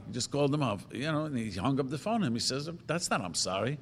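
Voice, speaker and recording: A man in a rabbi's role, rambling through anecdotes and correcting himself mid-sentence as he answers questions. His voice sits at an ordinary pitch, and a long hall reverb trails every phrase. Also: animated, fast talker, a little hiss or hum. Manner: rambling storyteller, self-correcting, earnest. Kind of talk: informal Torah talk with audience questions.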